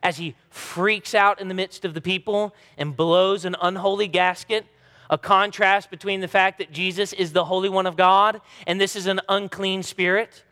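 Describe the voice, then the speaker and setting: A man's voice: sits high, steady tone, normal speed, bright, forceful tone. A man in his thirties preaching a sermon as pastor, earnest and emphatic. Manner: earnest, emphatic preaching with dramatic quoted voices. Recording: long reverb of a large hall.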